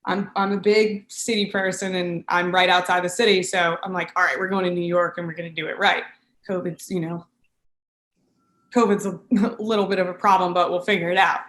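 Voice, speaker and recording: Halting woman around thirty, low flat voice. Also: roomy sound. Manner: halting, with many pauses and fillers. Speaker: interviewee. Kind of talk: emotional personal recollection.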